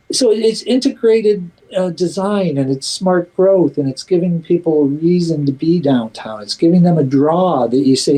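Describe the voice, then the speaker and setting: A man's voice: on the high side, animated, moderate pace, dark tone, breathy edge, poor audio. A man being interviewed as a community activist, talking casually and emphatically with many fillers and restarts, and acting out quotes in a livelier voice.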